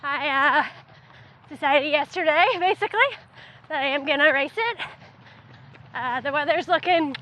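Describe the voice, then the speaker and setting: A woman with a very high voice co-hosts a relaxed podcast chat. Her tone is bright and forceful, and she laughs often. Her talk is loose and full of fillers. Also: normal speed, long pauses, a little hiss or hum. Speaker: podcast co-host. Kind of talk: casual chat.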